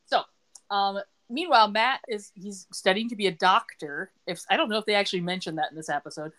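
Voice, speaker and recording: A woman's voice: medium pitch, a little fast, fairly bright tone. A middle-aged woman hosting a podcast, chatting casually as she retells TV scenes and quotes characters' lines. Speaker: podcast host recapping a TV episode. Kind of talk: casual chat.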